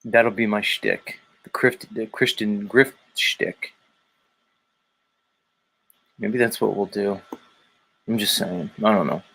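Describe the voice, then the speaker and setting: Gravelly, slow-talking Philly host. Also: male voice, lowish voice, fairly even intonation, fairly bright tone, low-quality recording. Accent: Philadelphia. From Philadelphia area, US. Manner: sardonic, musing, wanders off on tangents. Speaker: show host. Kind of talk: casual livestream commentary.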